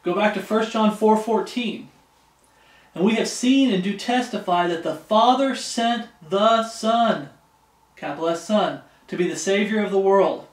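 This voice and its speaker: A man's voice: sits high, a little slow. A man preaching an expository Bible sermon as pastor. He reads scripture aloud and keeps checking in with his listeners by asking "Okay?". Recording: echoey room, voice from a distance.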